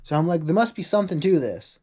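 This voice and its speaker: Chatty young man vlogging, slightly high voice. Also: very animated, quick pace, darkish tone. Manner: chatty, rambling, full of "like" asides; acts out quoted people in a higher voice. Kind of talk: casual vlog monologue.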